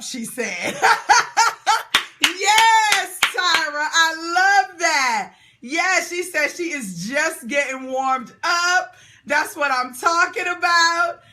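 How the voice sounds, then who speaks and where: A woman's voice: very high voice, animated, extremely slow, sharp tone, a little hiss or hum. A middle-aged woman hosting a live Q&A stream, reading out viewer comments, laughing and cheering often. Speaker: host of a live Q&A call.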